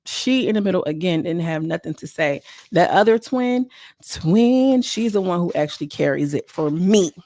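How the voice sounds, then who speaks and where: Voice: medium pitch, expressive, normal speed, a little mellow, dry recording. A vlogger recapping a reality show in a casual, slangy, gossipy way, talking straight to the viewers. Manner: slangy, chatty, addresses viewers as girl. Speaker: show reviewer.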